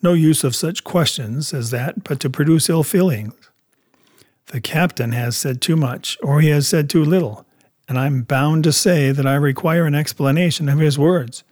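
Calm, reasoning country doctor, voiced by a male narrator; measured and unhurried. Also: fairly high pitch, no room sound, studio quality, lightly acted. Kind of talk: audiobook character reading.

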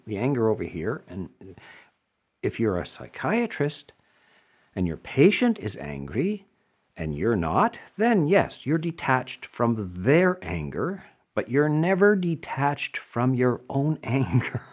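A man's voice: mid-range voice, a little mellow. A man giving a dharma talk as a Buddhist teacher, explaining emphatically and answering listener questions with rhetorical asides.

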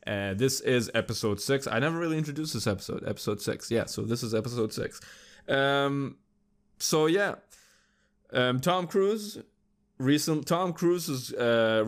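Young guy doing a solo podcast rant, swears a lot, rambles, mid-pitched voice. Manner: loose, rambling, heavy swearing. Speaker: podcast host. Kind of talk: casual solo commentary.

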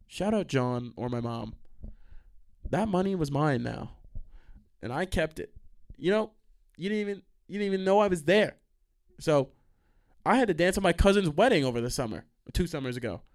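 Animated young man rambling through stories. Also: a little high. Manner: animated, profane, trails into quick asides and restarts. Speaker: podcast host. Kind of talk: casual rambling storytelling.

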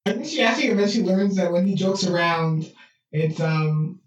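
Brief: animated woman recapping a show, distant mic in a very roomy space. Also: on the low side, fairly quick, highs cut off. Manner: animated, acts out scenes with laughs. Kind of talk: casual chat recapping a TV drama. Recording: echoey room, far from mic.

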